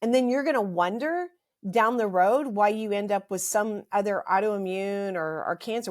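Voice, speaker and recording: Speaking at an ordinary pace in a mid-range voice, this health practitioner delivers an impassioned monologue on her health podcast. The middle-aged host rants with emphasis and keeps repeating phrases, her throat slightly dry.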